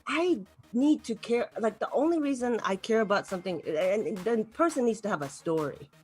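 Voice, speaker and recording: A woman's voice: on the high side, animated, normal speed, a little mellow, husky. A young adult woman doing a stand-up set online, ranting and laughing at her own jokes. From Los Angeles. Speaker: stand-up comedian.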